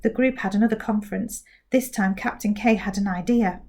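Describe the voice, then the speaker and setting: A woman teacher reading a children's book aloud, slow and clear. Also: medium pitch, a little mellow.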